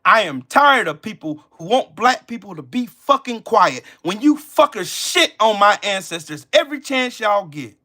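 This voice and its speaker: High-pitched, forceful ranting man. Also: big pitch swings, normal speed, hardly any pauses. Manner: profane, confrontational, shouts at times. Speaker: channel host. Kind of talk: angry livestream rant.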